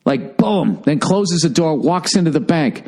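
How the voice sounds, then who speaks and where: A man's voice: on the high side, lively intonation, a little slow, darkish tone. A middle-aged man hosting a podcast, telling a profane, ranting comic story and acting out the quoted exchanges. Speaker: podcast host. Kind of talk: casual comedic monologue.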